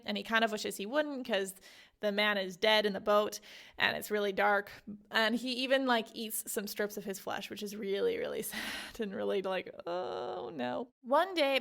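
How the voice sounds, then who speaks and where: A woman's voice: medium pitch, normal speed, creaky, a bit bright. A young woman hosting a podcast, retelling a novel in a chatty, casual way full of fillers. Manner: chatty, lots of "like", storytelling. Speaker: podcast host. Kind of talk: casual book summary.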